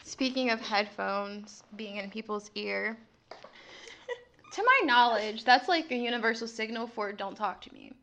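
Chatty young woman, slightly high voice. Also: steady tone, unhurried, pushed and bright. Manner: chatty, laid-back storytelling. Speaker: podcast co-host. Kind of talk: casual chat.

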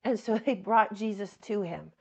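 A woman's voice: medium pitch, moderate pace, gravelly, breathy edge, highs cut off. A woman preaching a sermon, reading scripture aloud and explaining it earnestly, repeating key phrases and addressing her listeners as friends.

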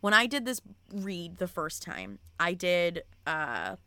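A young woman co-hosting a podcast, chatting casually and excitably about books and swearing freely. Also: on the low side, takes it slowly, clean tone, dry recording. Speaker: podcast co-host. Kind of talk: casual book chat.

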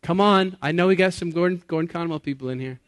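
A man's voice: fairly high pitch, quick pace, dry recording, clean studio sound. Earnest, conversational male preacher. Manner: conversational and earnest, laughs at himself, asks the audience questions. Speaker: pastor. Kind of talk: sermon. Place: church or meeting hall with an audience.

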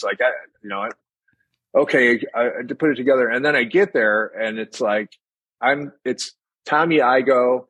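Husky-voiced man telling candid stories. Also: medium pitch, normal speed, fairly bright tone, no room sound. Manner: candid storyteller, laughs often, acts out quotes. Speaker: guest drummer. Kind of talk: casual interview chat.

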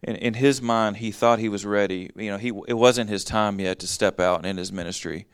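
A man with a low, resonant voice leads a casual Bible teaching. He reads a passage, then explains it in plain everyday words. The sound is dry and close, with almost no room around it. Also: moderate pace, clear, resonant tone, dry recording. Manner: conversational, reads verses then explains them in plain talk.

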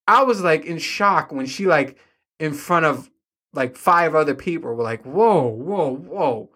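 A man's voice: on the high side, animated, moderate pace, a bit bright. A young adult man telling rambling, profane stories in a casual monologue to his listeners, with exasperated asides. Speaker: solo podcast host.

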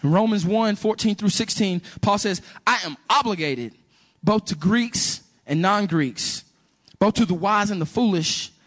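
High-voiced man preaching. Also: measured pace. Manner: animated storytelling, acts out dialogue. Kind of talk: sermon with personal story.

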